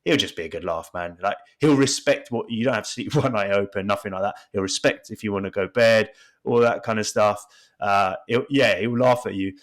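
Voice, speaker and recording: A man's voice: lowish voice, brisk. A man co-hosting a casual podcast with his brother, rambling and restarting his sentences. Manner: rambling, with frequent restarts and laughter. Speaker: podcast co-host. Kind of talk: casual chat between brothers.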